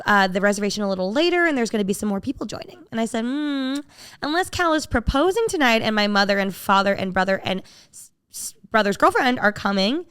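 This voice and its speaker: A woman's voice: fairly high pitch, clear, resonant tone. A woman hosting a podcast, telling a story in casual chat and acting out the voices of the people in it. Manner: animated, acts out voices in her story. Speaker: podcast host.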